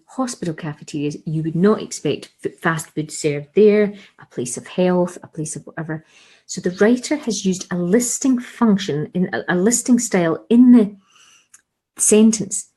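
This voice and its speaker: A woman's voice: on the low side, darkish tone, low-quality recording. A woman giving an exam revision lesson, explaining patiently, repeating key points and asking rhetorical questions. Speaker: English teacher.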